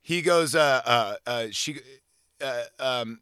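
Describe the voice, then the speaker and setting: A man co-hosting a podcast, excitedly retelling film scenes, often jumping ahead and apologizing. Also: medium pitch, slow pace, smooth, no room sound, clean studio sound. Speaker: podcast co-host. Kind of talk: casual movie recap chat.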